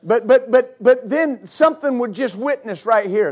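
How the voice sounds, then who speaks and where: A middle-aged male pastor giving a sermon, telling stories with loud exclamations and laughter. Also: very high voice, expressive, normal speed.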